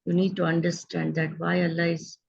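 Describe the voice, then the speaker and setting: A woman teaches an online grammar lesson. Her voice is low and husky and carries a gravelly edge. She explains patiently and checks in with her students, and the audio sounds dull and lo-fi. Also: flat delivery, fairly quick.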